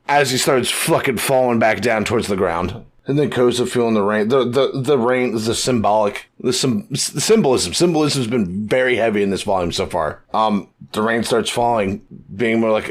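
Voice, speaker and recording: A man co-hosting a podcast in casual chat, talking in an animated, profane way and acting out quotes. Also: medium pitch, moderate pace, hardly any pauses. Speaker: podcast co-host.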